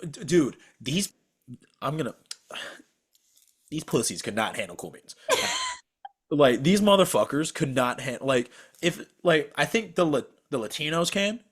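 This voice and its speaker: A man's voice: mid-range voice, sing-song, normal speed, breathy edge. A young man co-hosting a podcast over a video call, telling a story as a profane, exasperated rant. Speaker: podcast co-host.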